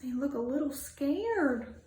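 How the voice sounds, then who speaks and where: A woman teacher reads a picture book to children, drawing the lines out slowly and stopping to ask questions. Her voice sits high, and the recording has a roomy echo. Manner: animated storyteller, asks children questions, stretches lines slowly.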